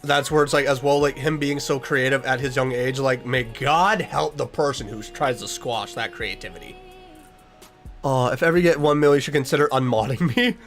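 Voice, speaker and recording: A man's voice: medium pitch, moderate pace, fairly bright tone, faint music behind. A young man chatting casually on a livestream about goals, earnest and emotional, rambling with restarts. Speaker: streamer.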